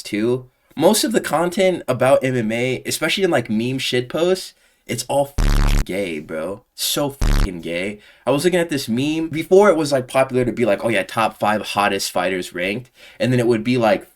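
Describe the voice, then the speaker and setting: A man giving casual, profane, exasperated commentary on a combat sports fan community, full of slang. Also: mid-range voice. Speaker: MMA commentary YouTuber.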